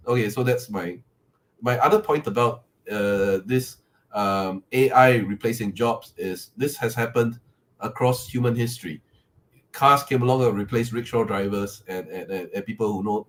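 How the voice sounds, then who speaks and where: A man making his points in a live online debate, halting, with many fillers and restarts. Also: on the low side, rough recording. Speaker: call-in debater. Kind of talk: casual debate on a live call. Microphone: webcam call mic.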